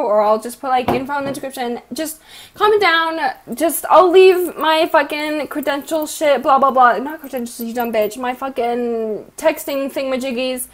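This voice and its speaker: Giggly high-voiced young woman vlogger. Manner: giggly, rambling and profane, with frequent laughs. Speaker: YouTuber. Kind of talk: casual vlog chat.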